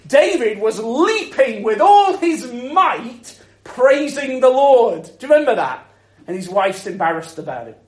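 In an echoey room, a man with a very high-pitched voice delivers a Christmas sermon. His style is lively and conversational, and he poses rhetorical questions to his listeners.

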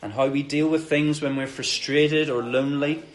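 A man delivers a sermon in a conversational, earnest manner. His voice sits a little high for a man, and he brings quoted passages to life with animated shifts. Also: normal speed, poor audio. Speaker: preacher.

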